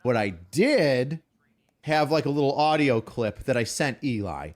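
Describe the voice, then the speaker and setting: A former drill sergeant telling army stories in an animated way, acting out the orders he barked. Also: mid-range voice, unhurried. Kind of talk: animated storytelling on a stream.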